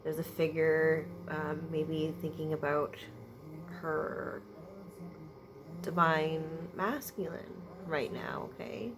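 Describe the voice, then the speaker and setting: Woman, energy reader, low-ish voice, slow and halting, sighs between thoughts, noisy ambience behind. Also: level tone. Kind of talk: spiritual energy reading to viewers.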